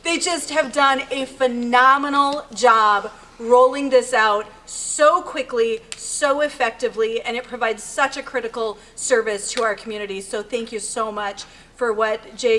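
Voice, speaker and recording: A woman speaks at a podium in a somewhat high voice, earnest and thankful. She talks plainly, now and then restarting a phrase. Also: fairly even intonation, normal speed, few pauses, a bit bright, low-quality recording. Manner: earnest, grateful, with small restarts. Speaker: speaker at a civic event. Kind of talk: public remarks at a podium.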